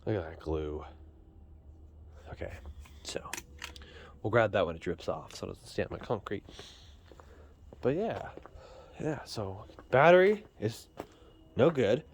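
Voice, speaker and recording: A vlogger rambles casually while fixing a car in his garage, filming himself on a handheld phone. His voice is fairly low, animated and unhurried, with long pauses, and the chat is self-deprecating; a little hiss or hum sits under the audio.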